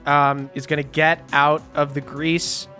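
A man's voice: on the high side, little pitch movement, measured pace, bright, forceful tone, soft background music. A man narrating as game master of a tabletop game, loose and chatty with many fillers. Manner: loose, laughing, lots of fillers.

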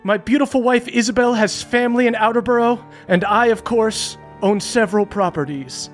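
A woman's voice: fairly high pitch, moderate pace, faint music behind, pitched above the performer's own voice, close to an everyday voice. A woman voicing a pompous rich nobleman giving a grand, showy speech. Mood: grandiose.

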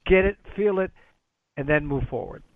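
A man calling in to a radio show, animated and playful. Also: high-pitched, normal speed. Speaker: caller. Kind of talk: casual call-in chat. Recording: lo-fi phone line.

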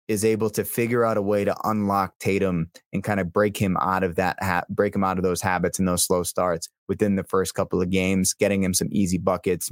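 A man co-hosting a sports podcast, telling things in a relaxed, rambling way. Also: low voice, no echo, studio quality. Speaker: podcast co-host. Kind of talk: casual sports chat.

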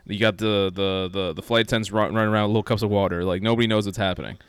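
A man in casual podcast chat, telling an animated story and acting out what people said. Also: on the low side, rapid-fire, clean tone, no echo. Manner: animated storyteller, acts out quoted lines.

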